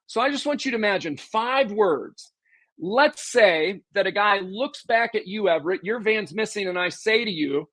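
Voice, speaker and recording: Guy from southwest missouri with a pretty high voice, talking sales like a coach, dry close sound. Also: normal speed, fairly bright tone, dry recording. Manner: emphatic, teaching with examples and questions. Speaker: podcast guest, contractor and sales trainer. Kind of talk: casual interview talk.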